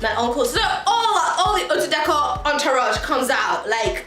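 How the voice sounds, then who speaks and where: A woman vlogger telling a story in an animated way, laughing as she goes. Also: high-pitched, normal speed, hardly any pauses. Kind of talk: storytime vlog. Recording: echoey room, faint music.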